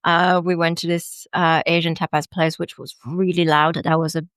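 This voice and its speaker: French-accented woman, podcast guest, low-pitched, hesitant and halting, dry close recording. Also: flat delivery, fairly bright tone, clear, resonant tone, no room sound. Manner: hesitant, many fillers and restarts. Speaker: life coach guest. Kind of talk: casual podcast chat.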